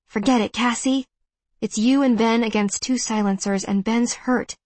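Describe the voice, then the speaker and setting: A woman playing an injured young man, urgent and firm, fairly high voice. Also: fairly even intonation, moderate pace, a little mellow, no echo, lightly acted. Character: hurt, cautious young man warning a friend.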